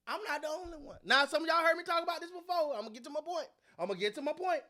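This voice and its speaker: He talks fast, with an extremely high pitch and hardly any pauses, as host of his own sports channel. His casual commentary is animated, slangy and repetitive, opinions tossed out loosely to the viewers he addresses directly.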